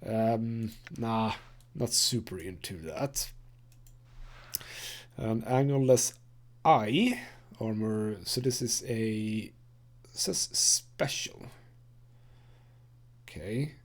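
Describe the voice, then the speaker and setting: A man's voice: on the low side, expressive, drawn-out words, long pauses. A man hosting a let's play, casually commenting on gameplay and thinking aloud with frequent fillers.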